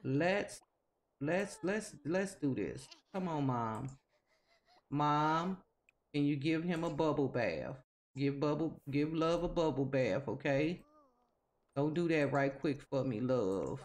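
A woman commentates her gameplay in a relaxed, conversational way. She talks straight at the characters, nagging and teasing them as she goes. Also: rumbling low, a little slow. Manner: chatty, scolding the game characters. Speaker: gaming video host. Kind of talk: casual game commentary.

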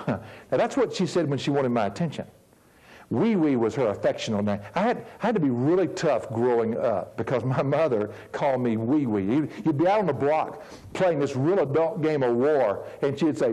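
A man's voice: medium pitch, animated, mellow, poor audio. Earnest older-sounding man preaching. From United States. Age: 50s. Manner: earnest, emphatic preaching with slowed stresses and repeated phrases. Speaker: pastor. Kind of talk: sermon.

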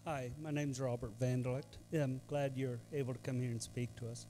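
A man in the audience asks a polite, carefully worded question. His voice is mellow and warm, with faint music in the background. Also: medium pitch, flat delivery, moderate pace, poor audio. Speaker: audience member asking a question. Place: university auditorium.

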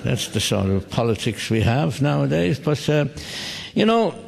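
Older Irish male comic, husky gravelly voice with lively pitch, dry rambling delivery, live theatre reverb. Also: moderate pace. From Ireland. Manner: wry rambling storytelling with dry asides. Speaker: stand-up comedian. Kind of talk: live one-man comedy show. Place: theatre stage before a live audience. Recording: live theatre recording with long hall reverb.

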